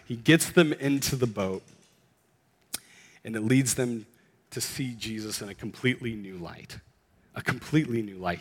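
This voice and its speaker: A man preaching a sermon, earnest and conversational, rising to emphatic exclamations at the high points. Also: breathy edge. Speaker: pastor. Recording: long hall reverb.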